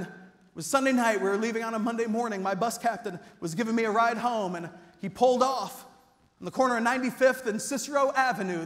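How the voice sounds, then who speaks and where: Man, 30s, youth pastor, storytelling sermon, very high voice, animated, long church reverb. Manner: animated, acts out quoted voices. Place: church sanctuary.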